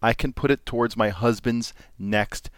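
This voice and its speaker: A man's voice: medium pitch, moderate pace, dry recording. A man hosting a podcast, reading news items in a casual way with dry jokes. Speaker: podcast host.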